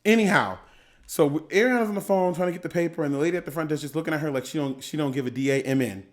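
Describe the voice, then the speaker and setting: Fast-talking man telling a story. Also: on the high side. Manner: animated storyteller, acts out quoted voices, laughs often. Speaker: podcast co-host. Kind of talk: casual storytelling chat.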